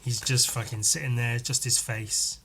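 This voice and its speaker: A man's voice: mid-range voice, steady tone, normal speed, a bit bright, slight background noise. A man hosting a podcast, chatting casually as he reads through a comic aloud, enthusiastic and sweary, laughing often. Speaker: podcast host.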